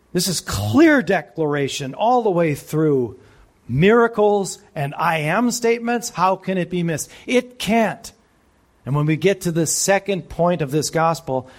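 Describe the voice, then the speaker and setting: A man preaching a sermon who speaks with energy, often asks the audience questions, and drops to a hush for emphasis. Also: a little high. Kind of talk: expository sermon.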